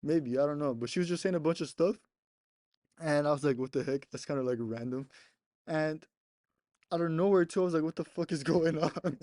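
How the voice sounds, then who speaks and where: A man's voice: on the high side, a little fast, long pauses, darkish tone, no echo, clean studio sound. Laughing young man telling a story. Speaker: podcast co-host. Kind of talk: casual storytelling chat.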